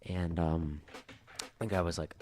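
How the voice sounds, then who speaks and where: A man's voice: low voice, fairly even intonation, unhurried, warm tone, slight background noise. A young man co-hosting a podcast in a casual, rambling storytelling style, full of fillers. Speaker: podcast co-host. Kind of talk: casual chat.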